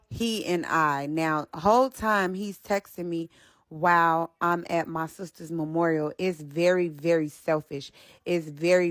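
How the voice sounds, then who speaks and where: A pregnant woman telling a storytime vlog, speaking straight to her viewers and repeating phrases for stress. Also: lowish voice.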